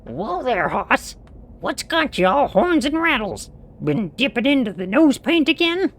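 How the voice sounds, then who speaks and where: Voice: mid-range voice, sing-song, a little slow, pushed and bright, heavily acted. A streamer voicing a boisterous old-west cowboy who talks in a folksy drawl while playing a video game. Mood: rowdy. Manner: twangy drawl, folksy slang. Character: high-pitched boisterous cowboy.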